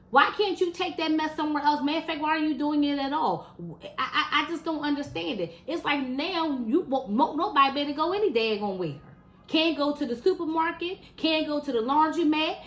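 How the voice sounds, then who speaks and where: A woman's voice: sits high, fairly bright tone. Exasperated woman venting in an echoey room. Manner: exasperated, repeats words, fires rhetorical questions. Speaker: vlogger. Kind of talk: casual opinion monologue to camera. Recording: roomy echo.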